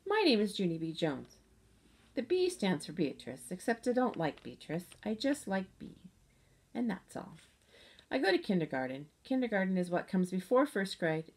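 A woman reading a storybook aloud in the voice of a chatty, boastful kindergarten girl who tells her own story with lively, childlike grammar. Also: lowish voice. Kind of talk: audiobook reading.

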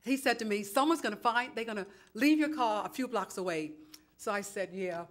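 A woman's voice: mid-range voice, fairly quick. A woman from New York giving a chatty, dramatic public comment at a city council meeting, acting out both sides of each conversation. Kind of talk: animated storytelling at a council meeting. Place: council chambers.

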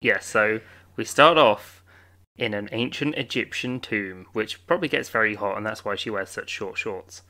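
Bright-voiced man, deadpan jokes. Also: on the low side, normal speed. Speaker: podcast co-host. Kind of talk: casual chat.

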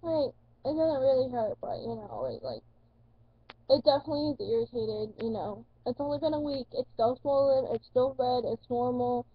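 A young woman talks on a home vlog, rambling along with plenty of likes and ums. Her voice sits a little high and has a husky edge. The audio is dull and lo-fi, recorded dry and close. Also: expressive, normal speed. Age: young adult. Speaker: vlogger. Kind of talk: casual chat.

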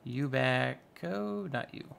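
Gravelly-voiced male gaming host, unhurried, joking at his own expense while he plays. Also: mid-range voice, animated, fairly bright tone. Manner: playful, goofy, self-mocking. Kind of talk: casual let's-play commentary.

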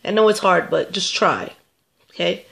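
A woman's voice: lowish voice, normal speed, gravelly, a bit bright. A young woman vlogger with a stuffed-up nose, chatting casually and giving advice straight to her viewers and often repeating herself. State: stuffed up, getting sick. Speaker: vlogger answering viewer questions.

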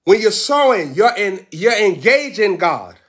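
Fervent preacher man, shouting then murmuring. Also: sing-song. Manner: swings from shouted declarations to low, quick asides; repeats phrases, lists words in cadence. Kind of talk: sermon.

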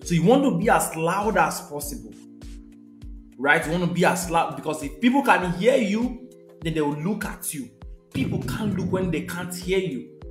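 A man's voice: high-pitched, animated, moderate pace, roomy sound, soft background music. A young man, teaching a live sales session in a conversational way, repeating his key points and checking in with viewers. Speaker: sales trainer.

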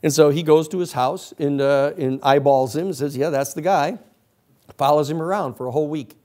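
Male lecturer, fairly high voice, rambling classroom storyteller. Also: fairly quick. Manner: rambling, animated storytelling with many fillers.

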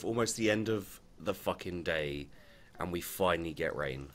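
Very deep-voiced man narrating gameplay. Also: normal speed. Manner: mutters and exclaims to game characters, swears freely. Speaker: let's play gamer. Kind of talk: casual gameplay commentary.

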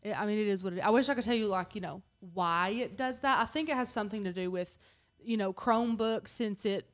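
A woman's voice: mid-range voice, fast talker. Laid back woman cohost, chatting and answering questions from viewers. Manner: easygoing, reads questions aloud. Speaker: co-host.

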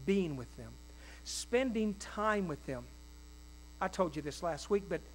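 A male pastor preaching a sermon in a folksy, animated way, with quick asides and acted-out quotes. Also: high voice, slight background noise, low-quality recording. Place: church.

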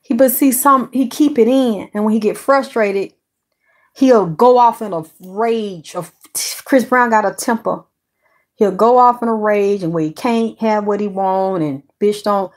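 A woman, chatting casually to her viewers as a celebrity gossip host, animated and full of curses. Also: medium pitch, a little slow. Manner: animated, swearing, talks straight to her viewers. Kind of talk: casual chat.

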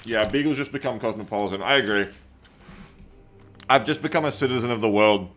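Bright-voiced streamer, chatty. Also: male voice, lowish voice, fairly quick, faint music behind. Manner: chatty, reads viewer comments aloud, often second-guesses himself mid-sentence. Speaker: game streamer. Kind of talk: casual live-stream commentary while gaming.

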